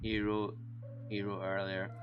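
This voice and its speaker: A man's voice: fairly low pitch, monotone, a little slow, dull audio, background noise. A man with a Scottish accent streaming a game, tipsy from drinking, talking in a rambling, self-deprecating way. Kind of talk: casual gaming stream chat.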